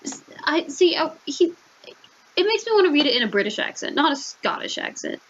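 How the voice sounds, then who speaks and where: A woman's voice: high-pitched, very animated, fairly quick, muffled recording. A young woman streamer chatting and giggling casually while playing a story game. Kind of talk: casual game playthrough commentary.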